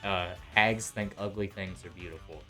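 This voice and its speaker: A man's voice: sits low, steady tone, moderate pace, sharp tone, soft background music. A young man hosting a gaming video, chatting casually and laughing through rambling anecdotes. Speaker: gaming channel host. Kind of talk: casual chat over gameplay.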